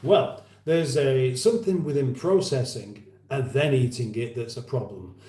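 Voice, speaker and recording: An English man hosts a casual livestream chat, rambling with dry humour as he reads viewer comments. His voice is medium-pitched and warm, at a measured pace. The recording has a roomy echo.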